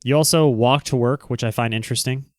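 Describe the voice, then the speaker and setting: A man chats casually on a livestream, reading messages aloud and answering with teasing, joking banter. His mid-pitched voice is smooth and clear, and the sound is close and dry with no room around it. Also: steady tone, quick pace, no room sound. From Southern California. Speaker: livestream host reading chat.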